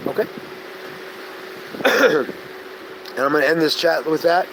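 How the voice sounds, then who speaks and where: A man with a slightly high voice talks through a loose, rambling live-stream chat. He drifts between stories, loses his thread, and sometimes drops into a soft, gentle tone. The hum of air conditioning and passing traffic is plainly heard behind him. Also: unhurried. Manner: tangential, storytelling, loses his train of thought; gentle, soft-spoken when calming people. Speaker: vlogger.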